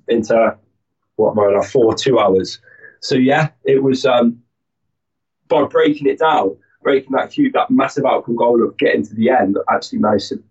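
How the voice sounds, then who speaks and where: A man's voice: medium pitch, darkish tone, recorded from a distance, highs cut off. A man telling stories as an interview guest, rambling with many restarts and fillers. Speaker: guest, army instructor. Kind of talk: casual interview storytelling.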